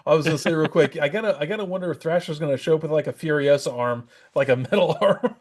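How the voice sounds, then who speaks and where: A man's voice: a little high, fast talker. A man co-hosting a podcast, chatting casually about a comic, rambling a bit and chuckling often. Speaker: podcast co-host. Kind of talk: casual comic-book chat.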